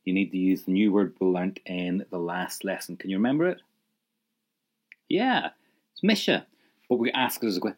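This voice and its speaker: A man leads an audio language lesson. His voice sits low and sounds husky. He swings his pitch widely and keeps urging the listener to repeat phrases. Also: animated, normal speed. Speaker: Irish language teacher.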